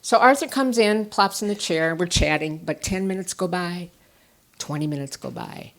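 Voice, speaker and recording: A woman therapist giving a conference talk, telling personal stories with animated swings from quiet asides to emphatic bursts. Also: lowish voice, normal speed. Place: stage at a conference.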